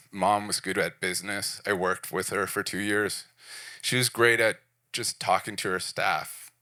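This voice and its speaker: A man's voice: on the low side, bright, forceful tone, no echo, studio quality. A man in his forties from Prince Edward Island, Canada, giving a candid, self-deprecating talk at a design event in short punchy phrases. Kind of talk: personal storytelling talk. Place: event venue.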